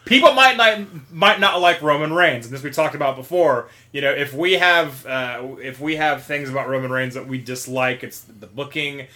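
A man's voice: on the high side, moderate pace, hardly any pauses, bright, forceful tone. A man co-hosting a casual podcast, talking animatedly, swearing and acting out quotes. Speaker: podcast co-host.

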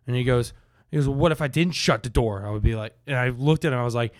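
A man's voice: mid-range voice, fast, dry recording. Casual storytelling man, dry close mic. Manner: animated, acts out quotes, swears freely.

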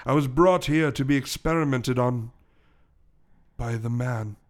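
A man's voice: medium pitch, a little slow, close to an everyday voice. A man voicing a polite, refined male gorilla in a top hat, with an English accent that slides toward cockney. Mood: wistful. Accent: English, drifting toward cockney. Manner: courteous, formal, apologetic.

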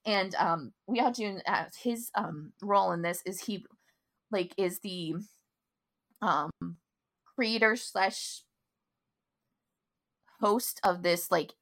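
A woman's voice: medium pitch, slow pace, long pauses, a bit bright. A woman in her thirties co-hosting a podcast, chatting casually in long run-on stories. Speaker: podcast co-host. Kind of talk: casual chat.

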